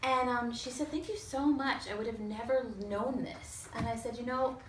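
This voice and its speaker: A woman telling a lively personal story to a small audience, acting out other people's voices and swearing casually. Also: a little high, moderate pace. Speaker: storyteller on a talk show. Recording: roomy sound from a distance with faint noise.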